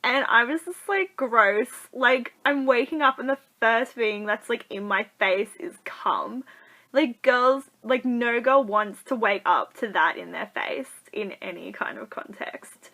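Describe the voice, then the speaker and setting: Young woman vlogger, chatty and animated, bright and fairly high, close camera mic. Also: a little slow, poor audio. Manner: chatty, full of likes, acts out quoted people. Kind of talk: casual advice vlog.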